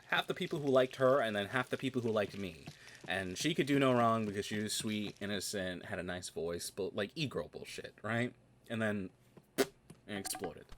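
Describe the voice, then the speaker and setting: A man streaming a video game and chatting casually, rambling, laughing often and swearing freely as he tells stories. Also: medium pitch. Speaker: streamer and tabletop game master. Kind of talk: casual chat while playing a video game. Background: video game music.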